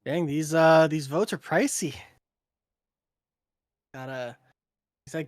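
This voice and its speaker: A man giving color commentary on a live esports match, laid-back and halting, with many fillers. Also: on the high side, dry recording, studio quality. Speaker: esports co-caster.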